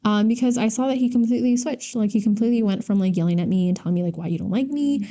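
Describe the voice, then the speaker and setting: Animated storytelling woman, mellow tone. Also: fairly high pitch, racing. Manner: animated storyteller, uses "y'all" and "like". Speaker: podcast co-host and trainer. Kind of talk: casual storytelling chat.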